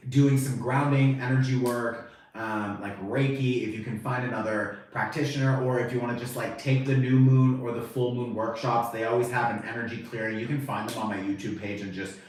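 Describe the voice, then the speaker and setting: Man, casual tarot reading, chatty and animated, mid pitch, very echoey room, off-mic. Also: a little fast, distant mic. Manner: chatty, animated, swears casually, acts out quoted reactions. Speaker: tarot reader.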